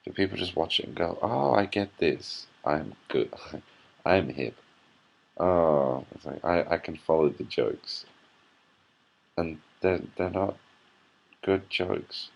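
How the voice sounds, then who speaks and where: A man's voice: low-pitched, gravelly, breathy edge. A hungover man giving an irritable, swearing running commentary as a vlogger. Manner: irritable, swearing, sighing rant.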